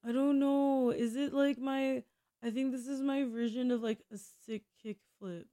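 A young woman hosts a radio show in a rambling, self-mocking monologue, drifting off mid-thought and chuckling at herself. Her voice sits a little high, and she takes her time, drawing out words at a slow, meandering pace. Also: steady tone, dark tone. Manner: self-deprecating, scattered, laughing and trailing off.

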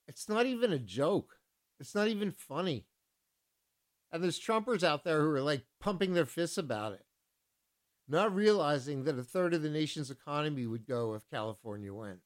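A man hosting a music radio show, talking casually and then ranting with indignation. His voice sits a little high for a man.

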